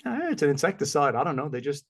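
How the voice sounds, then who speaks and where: A man's voice: fairly high pitch, big pitch swings, very fast, breathy edge. Rambling man telling stories. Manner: rambling storyteller, acts out voices of people he met. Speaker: podcast co-host. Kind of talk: casual chat.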